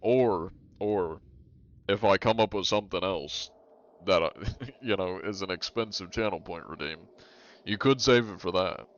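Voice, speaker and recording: A man's voice: low-pitched, unhurried, fairly bright tone, muffled recording. A man streaming a game live, chatting in a rambling, laid-back way with small chuckles. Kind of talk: casual live-stream chat.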